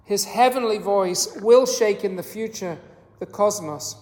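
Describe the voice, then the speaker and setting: An unhurried preacher who explains scripture in a measured, earnest way and sometimes restarts a phrase. The voice rings through a roomy space, and a long reverb tail trails off each phrase. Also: mid-range voice, darkish tone. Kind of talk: sermon. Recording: echoey hall with long reverb.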